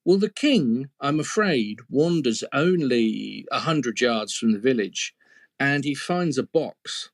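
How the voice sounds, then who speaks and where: A man's voice: medium pitch, expressive, slow pace, no echo. A man storyteller telling an old fairy tale in a conversational way, with playful asides to the listener. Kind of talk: oral storytelling.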